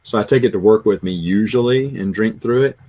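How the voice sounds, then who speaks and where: Husky Southern man rambling casually. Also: lowish voice, a little fast, dark tone. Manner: rambling, self-deprecating storyteller. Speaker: livestream host. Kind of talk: casual rambling chat, reading comments.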